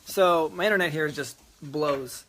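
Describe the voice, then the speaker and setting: A man's voice: fairly high pitch, unhurried, a bit bright. A young man casually vlogging from home about a house deal, rambling with fillers and getting easily frustrated. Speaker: real estate investor vlogger. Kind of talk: casual video diary.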